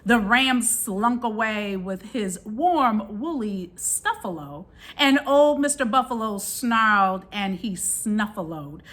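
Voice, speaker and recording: A woman hosting a weekly children's read-aloud, reading a rhyming picture book with animated storytelling. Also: medium pitch, slow, hardly any pauses.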